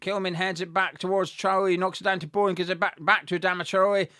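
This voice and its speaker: A man doing live fan commentary on a match, sweary and excitable, talking straight to his viewers. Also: high-pitched, a little fast, no room sound, clean studio sound. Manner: sweary and excitable, shouting at goals.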